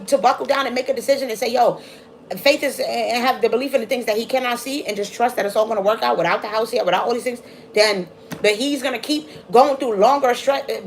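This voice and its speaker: Lady doing live tarot readings, quick chatty talk, bit of hiss behind. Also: on the high side. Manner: fast, casual, chatty talk. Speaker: tarot reader.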